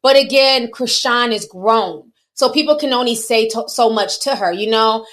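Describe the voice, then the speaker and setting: A woman's voice: on the high side, normal speed, fairly bright tone. A woman giving chatty, opinionated commentary on celebrity news, speaking straight to her viewers. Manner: chatty, opinionated, laughs and teases. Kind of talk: casual commentary.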